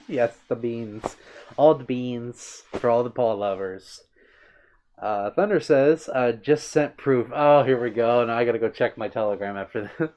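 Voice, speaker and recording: A man's voice: mid-range voice, unhurried, a little mellow, slight background noise. Giggly, bashful man streamer. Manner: playful, giggly, bashful about compliments. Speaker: livestream host. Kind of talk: casual chat reading out viewer comments.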